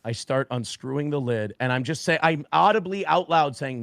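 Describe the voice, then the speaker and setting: A man casually telling a profane, animated story on a podcast, acting out quotes. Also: a little high, normal speed, gravelly, no room sound. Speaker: guest storyteller.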